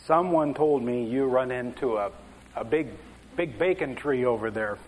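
A man voicing a befuddled old Jewish cowboy in a halting, raised voice with a put-on accent that slides toward Norwegian. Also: mid-range voice, darkish tone, a little hiss or hum, close to an everyday voice, low-quality recording. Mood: advising. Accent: Norwegian-tinged put-on accent.

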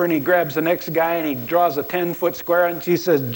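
A man's voice: a little high, normal speed, poor audio. A man preaching a sermon as a pastor, telling stories and acting out quoted voices with emphasis.

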